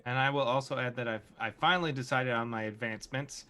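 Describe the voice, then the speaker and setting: Hesitant man with a bright voice. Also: mid-range voice, fast. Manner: hesitant, with many fillers. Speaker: player. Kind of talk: casual tabletop role-play.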